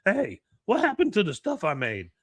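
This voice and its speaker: A man voicing an excitable, simple-minded male junk artist who talks in loud, insistent bursts. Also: high voice, moderate pace, gravelly, no echo, voice pushed up, heavily acted. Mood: demanding.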